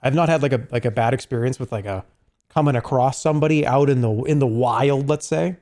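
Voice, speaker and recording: A man's voice: medium pitch, brisk, a little mellow. A man chatting casually on a live stream, rambling along with lots of asides and restarts.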